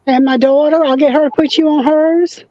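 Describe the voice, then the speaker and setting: A woman in her sixties in a casual live-stream chat, talking haltingly and restarting often. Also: high voice, fairly even intonation, no room sound. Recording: dull, lo-fi sound.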